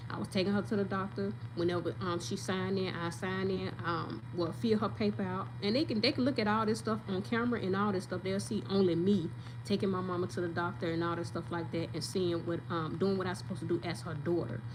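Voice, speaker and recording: A woman's voice: fairly low pitch, fairly even intonation, fairly quick, few pauses. A woman, telling her story in an emphatic, venting, casual way straight to viewers, with faint noise behind her.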